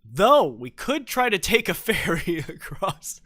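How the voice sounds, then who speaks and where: A man's voice: sits high, sing-song, measured pace, hardly any pauses, bright, forceful tone. A young man livestreaming a game, chatting playfully and telling jokey stories with silly voices. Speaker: streamer. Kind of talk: livestream gameplay chat.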